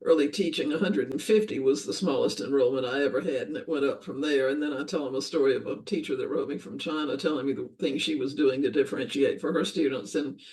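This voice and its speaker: A woman's voice: rumbling low, fast talker, few pauses, a little mellow, far from the mic, poor audio. An older woman speaking as a guest in an interview, earnest and thoughtful, often restating her ideas in long lists. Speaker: guest, education author. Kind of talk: reflective interview conversation.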